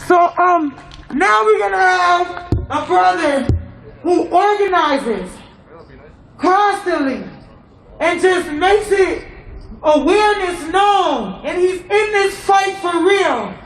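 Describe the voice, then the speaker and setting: Man yelling at a protest rally, super high pitched and fired up, lots of echo. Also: animated, slow pace. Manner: shouting, impassioned. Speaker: protest organizer. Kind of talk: rally speech. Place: outdoor protest outside a mansion.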